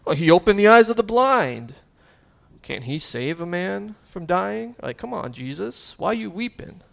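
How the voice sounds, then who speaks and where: A man's voice: high-pitched, very animated, normal speed, gravelly, pitched above the performer's own voice, full character voice. A man voicing a scoffing male bystander with a sarcastic, taunting manner. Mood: mocking.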